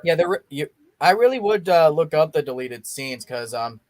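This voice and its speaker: A young man chats through a movie watch-along in a rambling, eager way, often restarting his sentences. His voice sits a bit high. The sound is dry and close, with no room echo. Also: lively intonation, moderate pace, darkish tone. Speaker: podcast host. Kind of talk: casual watch-along chat.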